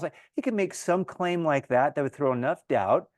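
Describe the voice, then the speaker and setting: A man's voice: a little high, lively intonation, normal speed, few pauses, dry recording. Casual man teaching a Bible study. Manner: informal, acts out crowd voices in quotes.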